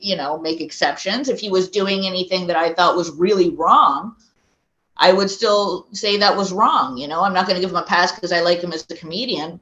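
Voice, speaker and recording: A woman's voice: fairly low pitch, a bit bright. A woman co-hosting a podcast in casual chat, outspoken and argumentative. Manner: outspoken, argumentative, talks in quick runs. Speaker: podcast co-host. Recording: echoey, dull-sounding room.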